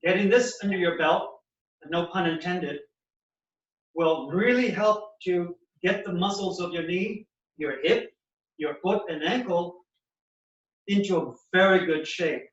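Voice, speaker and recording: Seorang pria bersuara tinggi memperagakan latihan lutut, terdengar jauh dan bergema di ruangan, suara agak redup. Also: male voice, sits high, a little slow. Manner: instructive, explains while demonstrating movements. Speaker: physical therapist. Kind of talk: exercise demonstration. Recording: echoey, distant, dull sound.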